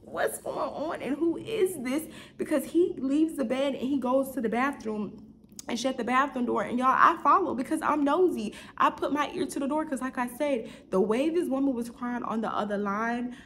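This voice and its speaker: A young woman talks straight to her viewers in a relaxed storytime vlog, chatty and loose, with lots of "like" and "y'all". Her voice sits at an ordinary middle pitch. A faint hiss of noise runs underneath. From Houston, Texas. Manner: chatty, addresses viewers as "y'all", many "like" fillers.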